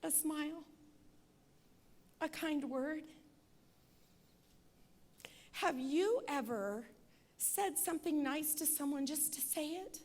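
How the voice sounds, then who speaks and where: Earnest woman in her 40s telling her story on stage, high voice, gets forceful. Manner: earnest, rising to forceful appeals. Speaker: speaker at an event. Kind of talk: personal testimony speech.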